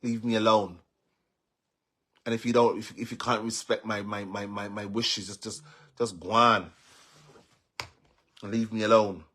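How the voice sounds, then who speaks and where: Agitated husky Jamaican man venting. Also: lowish voice, fairly even intonation, a little slow, pauses often. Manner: agitated, stammering repeats, swings between shouting and muttering. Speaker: social media personality. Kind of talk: venting on a live stream.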